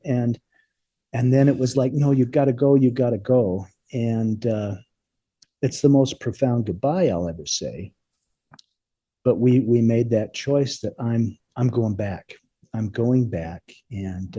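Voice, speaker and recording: A man telling a personal story as an interview guest, speaking earnestly and haltingly, often repeating words as he goes. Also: medium pitch, mellow, slightly rough, no echo.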